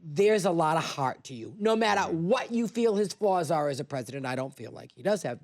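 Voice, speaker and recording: A man hosting a radio show, telling stories in an animated, theatrical way. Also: fairly high pitch, a little fast. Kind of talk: casual studio chat.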